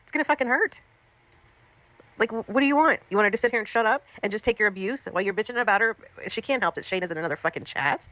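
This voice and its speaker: A woman's voice: mid-range voice, very fast, hardly any pauses, bright, forceful tone, no room sound. A woman livestreamer scolding someone in a profane, repetitive, angry rant.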